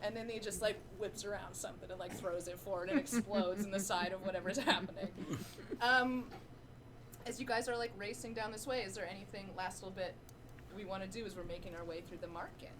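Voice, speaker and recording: A woman's voice: mid-range voice, fairly even intonation, a little fast, a crowd in the background. Rambling woman game master. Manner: rambling, casual, swears freely. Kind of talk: narrating a tabletop game.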